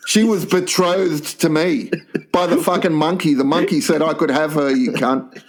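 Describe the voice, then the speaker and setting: A man's voice: a little high, normal speed. A man co-hosting a crude comedy podcast, swearing constantly and acting out the voices in his stories. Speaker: podcast co-host.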